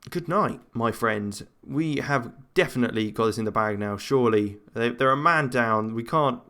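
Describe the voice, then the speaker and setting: A man's voice: medium pitch, normal speed, sharp tone. A man giving rambling, chatty commentary as he plays a football management game, full of fillers and side remarks. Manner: chatty, rambling match commentary with self-talk and frequent fillers. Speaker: gaming channel host. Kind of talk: let's-play gameplay commentary.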